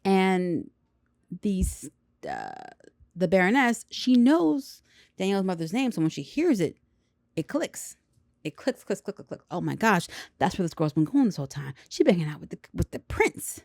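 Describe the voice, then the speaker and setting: A woman casually recapping a film with lots of slang and quick acted-out character lines. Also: fairly low pitch, very animated, creaky, a little mellow, no echo, clean studio sound. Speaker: movie reviewer.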